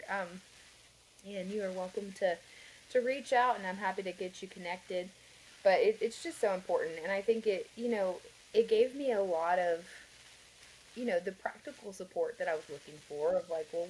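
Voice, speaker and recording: Woman guest on a podcast, kinda low voice, rambles w/ lots of um and like, laughs a little here and there. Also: a little hiss or hum, low-quality recording. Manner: earnest, rambling with many fillers and frequent light laughs. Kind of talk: conversational interview, personal story.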